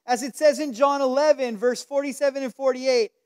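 A male pastor preaching a sermon at a church service, telling Bible stories with lively, acted-out quotes. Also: very high-pitched, fairly quick, clear, resonant tone. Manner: animated storytelling, acts out quoted lines.

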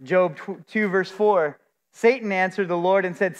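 A man's voice: high-pitched, a little slow. A man preaching a sermon as pastor, earnest and emphatic, stretching out key words. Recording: long hall reverb.

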